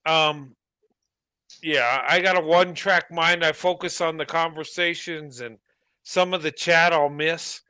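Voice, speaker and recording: High-voiced man hosting a live stream. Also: steady tone, measured pace, pushed and bright, clean tone. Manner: talkative, addresses chat directly. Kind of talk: casual live-stream chat.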